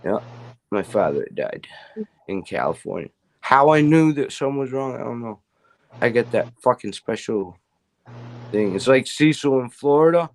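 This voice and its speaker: A man's voice: medium pitch, sing-song, normal speed, pauses often. A middle-aged man in casual chat, telling rambling stories full of swearing. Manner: profane, rambling storyteller.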